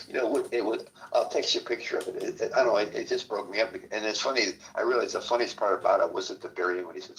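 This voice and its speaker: A man chatting casually on a podcast, retelling things in a halting, meandering way. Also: lowish voice, steady tone, fairly bright tone. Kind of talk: casual chat. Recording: distant mic with faint background noise.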